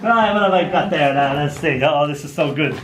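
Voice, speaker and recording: A man's voice: on the high side, a little fast. A man in his sixties with an Irish accent, telling playful stories between poems at a live poetry reading. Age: 60s. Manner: playful storytelling, animated comic asides. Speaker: poet. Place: arts venue hall before a live audience. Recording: roomy hall, faint background noise.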